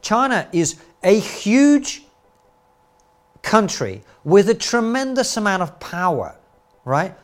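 Animated man telling stories. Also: sits high. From Soviet Union, raised later in Britain. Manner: animated storyteller, quick asides and rhetorical questions. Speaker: guest, comedian and commentator. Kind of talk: podcast interview.

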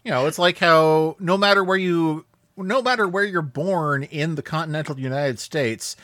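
A man's voice: a little high, moderate pace, a bit bright, dry recording, clean studio sound. A man co-hosting a podcast, chatting playfully about old cartoons and acting out lines. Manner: laughing, playful, acts out quotes. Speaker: podcast co-host. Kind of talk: casual chat reviewing cartoons.

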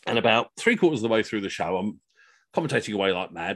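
Over a video call, a costumed entertainer and storyteller tells comic stories in a chatty, rambling way. His voice is lowish and very animated, and he talks fast; the recording has no echo and is studio quality.

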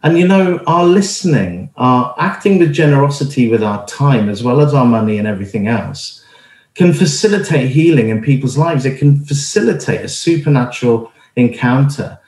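Speaking at a normal speed and an ordinary male pitch, this earnest middle-aged church planter and speaker shares a personal story in an informal sermon. He's relaxed and conversational, frequently restarting phrases or adding an um, and a noticeable roomy echo fills the recording.

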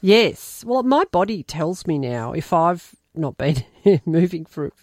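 A woman co-hosting a relaxed talk show, agreeable and chatty. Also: lowish voice, takes it slowly, dry recording, studio quality. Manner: lively and agreeable, many short affirmations. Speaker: podcast co-host. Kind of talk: casual chat.

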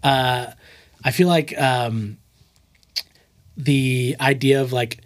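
A man's voice: medium pitch, fairly even intonation, extremely slow. Young man hosting a loose, profane podcast. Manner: loose, profane, joking, lots of fillers. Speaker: podcast host. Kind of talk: casual movie-review chat.

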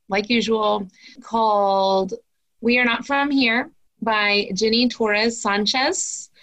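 A woman educator introducing a book on a podcast in an upbeat, unhurried way. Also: fairly high pitch, fairly bright tone. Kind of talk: casual book chat.

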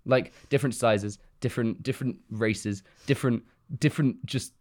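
A man's voice: mid-range voice, normal speed, darkish tone. A young man, chatting casually about a film, rambling and laughing often.

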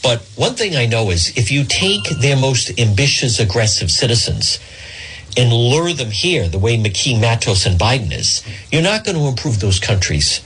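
A man's voice: mid-range voice, sing-song, moderate pace, a bit bright, a little hiss or hum, poor audio. A middle-aged man from Rhode Island hosting a talk radio show, telling a rambling, digressive story in a monologue.

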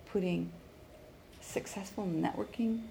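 A woman teaching a conversation class, explaining in lively bursts and acting out listener reactions, in an echoey room. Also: mid-range voice, slow, gravelly. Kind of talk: classroom coaching. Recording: echoey room with faint background noise.

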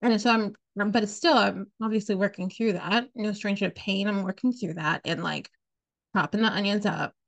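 A woman hosts a podcast and tells a personal story candidly and bluntly, swearing freely and leaning hard on "like" and "you know." Her mid-range voice is gravelly and moves at normal speed.

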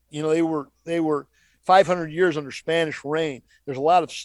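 Emphatic preacher guy telling his story, high voice, repeats stuff for punch, dead dry mic. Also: dry recording. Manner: animated, emphatic, repeats phrases for effect. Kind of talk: storytelling testimony on a talk show.

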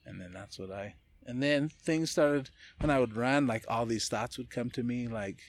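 An animated man talks with a podcast host, telling stories with plenty of laughter and the odd swear word. His voice sits in a middle register, and his talk stays loose and conversational. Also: medium pitch, normal speed, dry recording. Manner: animated, laughing storyteller who swears casually. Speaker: podcast guest. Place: indoors, casual setting with a beer.

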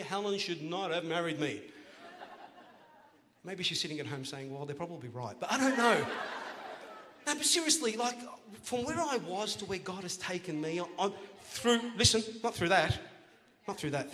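A man preaching a sermon as pastor, playful and joking, then rising to loud, emphatic calls to the congregation. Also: sits high. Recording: long church hall reverb.

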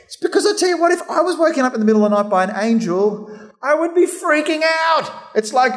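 A man's voice: very high-pitched, very animated, a little fast. A man preaching a sermon, telling the story vividly and acting out the voices of the people in it. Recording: hall reverb.

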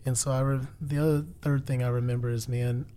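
There's slight background noise as a male guest in his twenties, brisk and flat in delivery, recounts his faith in conversation. His mid-range, mellow voice turns earnest and preacherly, repeating phrases for emphasis.

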